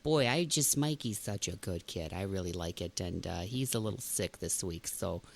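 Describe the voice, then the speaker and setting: A man's voice: deep voice, expressive, normal speed, creaky, exaggerated voice. A man voicing a chatty, motherly older woman from the northern Midwest, rambling with lots of fillers. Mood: folksy chatty.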